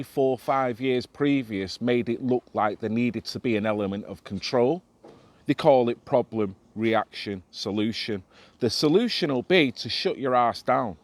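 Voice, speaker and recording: A middle-aged man ranting emphatically to camera in a vlog, swearing freely. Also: mid-range voice. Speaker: vlogger. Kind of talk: impassioned monologue to camera.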